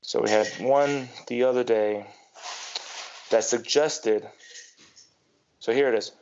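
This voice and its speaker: A man with a gravelly, mid-pitched voice co-hosts a casual sports podcast. He rambles and rants, restarting his sentences as he goes. The audio is dull and lo-fi. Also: steady tone, takes it slowly, background noise. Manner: rambling, ranting, with frequent restarts. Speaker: podcast co-host.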